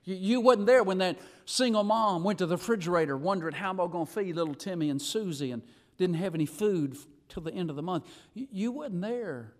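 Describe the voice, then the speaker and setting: A middle-aged man preaching a live revival sermon in a church, swinging from hushed asides to shouting, with folksy humor. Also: high-pitched, a little fast. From Alabama. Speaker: guest pastor. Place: church sanctuary.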